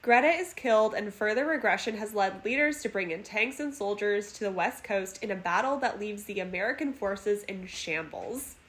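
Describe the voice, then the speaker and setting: A woman's voice: medium pitch, lively intonation, moderate pace, hardly any pauses, fairly bright tone. A woman co-hosting a casual podcast, reading out a movie plot summary and laughing often. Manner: giggly, reads plot summary between laughs. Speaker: podcast co-host. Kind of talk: casual movie recap chat.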